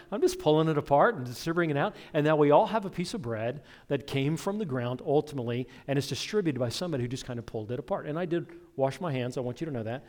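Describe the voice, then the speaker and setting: A man's voice: mid-range voice, darkish tone. A middle-aged man preaching a sermon as pastor, telling stories and making asides to his congregation. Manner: conversational storytelling with asides to the congregation.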